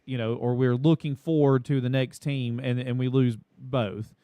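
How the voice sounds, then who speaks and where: A man's voice: mid-range voice, darkish tone, no echo. Man, folksy, casual sports talk, mid-range voice, dry sound. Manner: folksy, drawn-out emphasis.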